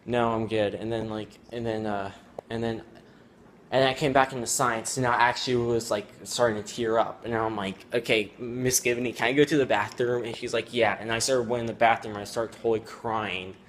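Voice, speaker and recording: A teenage boy telling a personal story at home, rambling and halting with many fillers. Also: mid-range voice, steady tone, a bit bright, a little hiss or hum. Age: teens. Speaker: student vlogger. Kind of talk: casual storytelling.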